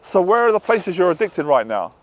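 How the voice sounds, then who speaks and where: His voice sits high and sing-song, moving a little fast, as this dating and anxiety coach addresses the camera. He speaks earnestly and confessionally, at times voicing what goes on in his head, and the lo-fi audio is slightly dull.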